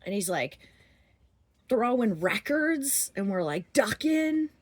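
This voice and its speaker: A woman's voice: fairly high pitch, big pitch swings, slow pace, dry recording. A woman casually telling a story from her youth, rambling with lots of fillers and frequent laughter.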